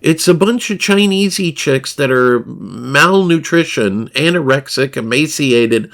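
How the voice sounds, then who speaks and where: A man's voice: medium pitch, animated, unhurried, creaky, hardly any pauses, fairly bright tone. A man livestreaming in a crude, rambling, profane way, often laughing at himself. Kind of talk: crude casual stream chatter.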